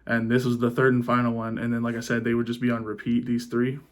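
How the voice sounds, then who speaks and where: Young guy rambling thru a story on his vlog, restarts a lot, swears, mid pitch. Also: completely flat delivery, fast talker. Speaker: vlogger. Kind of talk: casual storytelling to camera.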